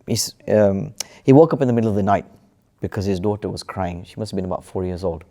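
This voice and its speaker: A man telling a story in a relaxed spiritual panel discussion, with plenty of fillers and restarts. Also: low-pitched, fast. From United Kingdom. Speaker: panel speaker.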